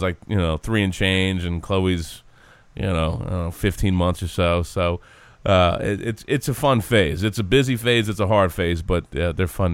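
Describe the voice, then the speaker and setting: A man in his thirties with a lilt, hosting a casual sports podcast. His voice sits a little low and sounds close and dry, as if close to the mic. He rambles along in a cheerful, easygoing way. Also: dry recording. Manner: rambling, upbeat, laughs easily. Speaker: podcast co-host.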